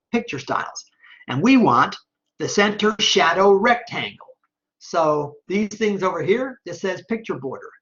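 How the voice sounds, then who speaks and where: A man teaching an online class, talking step by step through a screen-recorded software tutorial and checking in often with "okay?". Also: high voice, lo-fi sound. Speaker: online instructor.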